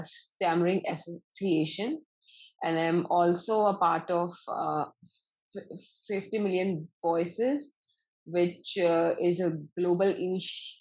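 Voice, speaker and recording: Woman panelist, slow and deliberate, occasional stutters, muffled video-call sound. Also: on the low side, darkish tone. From India. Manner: slow, with fillers and brief stutters. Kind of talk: self-introduction on a panel. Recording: dull lo-fi call audio.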